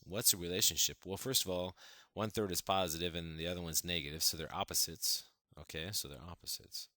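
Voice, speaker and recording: Low-voiced, excitable male math teacher. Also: brisk, no echo. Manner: enthusiastic, playful exclamations. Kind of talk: classroom math lesson.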